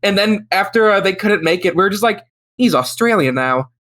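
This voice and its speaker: A narrator chatting casually on a podcast, with quick asides and swearing. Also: medium pitch, steady tone, fairly bright tone.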